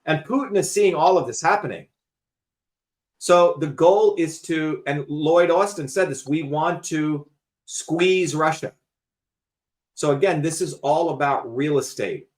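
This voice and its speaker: A man's voice: on the high side, moderate pace. A man hosting a talk show, lecturing emphatically in casual conversation and cursing freely. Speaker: host.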